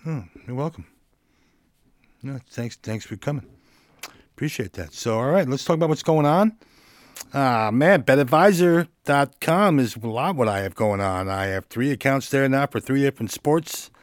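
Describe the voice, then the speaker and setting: A man's voice: mid-range voice, animated, normal speed, no room sound, clean studio sound. A man hosting a casual solo podcast, laid-back and joking, chuckling now and then as he talks. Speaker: podcast host.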